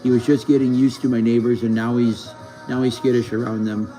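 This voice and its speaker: A man's voice: medium pitch, little pitch movement, brisk, mellow, low-quality recording. A man talking casually to camera in a rambling way, stumbling, repeating words and swearing as he goes. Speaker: vlogger. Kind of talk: casual vlog talk. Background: faint music.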